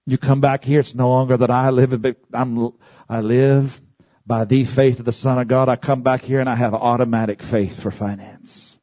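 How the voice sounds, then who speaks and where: A man preaching a sermon, moving from calm teaching to loud, high-pitched shouting. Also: normal speed, no echo.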